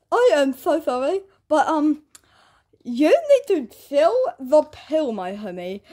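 A woman voicing a goofy, rambling plush character who acts as judge in a homemade comedy skit. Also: high voice. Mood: sheepish. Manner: silly, rambling, bursts into yelling.

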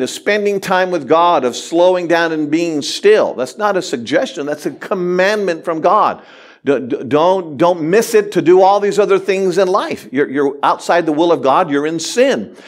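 Man, pastor, sermon, high-pitched voice, animated, joking with the congregation, church. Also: a little slow. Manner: animated, talks straight to the congregation with humor. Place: church sanctuary.

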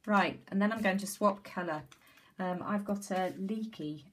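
A woman's voice: lowish voice, moderate pace, slight background noise. A woman chatting enthusiastically through a home craft demonstration, with many ums. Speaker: craft tutorial host. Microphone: camera mic.

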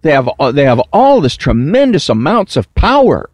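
A man delivering a political commentary monologue, deliberate and emphatic, slowing to stress key words. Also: a little high, very animated, darkish tone, no echo. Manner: deliberate, emphatic, drawn-out stresses, mocking whiny impressions.

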